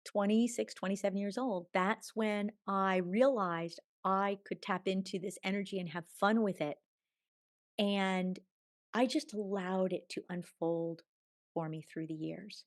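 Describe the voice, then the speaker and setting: A woman in her sixties, a podcast guest telling a personal story in an animated way, acting out quoted dialogue and laughing often. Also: medium pitch, takes it slowly. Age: 60s. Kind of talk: storytelling in a conversational interview.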